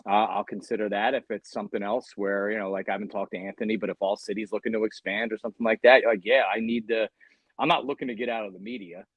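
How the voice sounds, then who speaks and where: A man calls in as a podcast guest, talking fast and stumbling over repeated words. The line is dull and lo-fi, dry and close, and his voice is on the low side. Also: fairly even intonation, husky, dry recording. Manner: quick, hesitant, repeats words. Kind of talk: casual chat.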